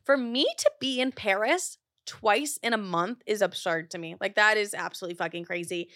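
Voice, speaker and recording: A woman hosting a podcast in casual chat, talking fast and loose with lots of "like" and swearing, and getting heated as she tells a story. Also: mid-range voice, fairly bright tone, no room sound, clean studio sound. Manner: chatty, profane, heavy use of "like"; gets heated while telling a story. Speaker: podcast host.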